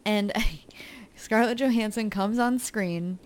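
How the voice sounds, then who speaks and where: A woman's voice: mid-range voice, slow. A woman co-hosting a podcast, chatting casually about movies and telling stories with lots of giggling. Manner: giggly, storytelling, frequent laughs. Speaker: podcast co-host. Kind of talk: casual chat, movie review.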